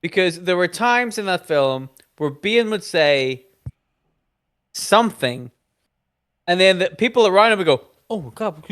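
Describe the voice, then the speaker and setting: A man co-hosting a casual film podcast, animated and acting out reactions as he talks. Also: high-pitched, a little slow, pauses often, clean tone. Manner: animated, acts out reactions in quotes. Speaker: podcast co-host.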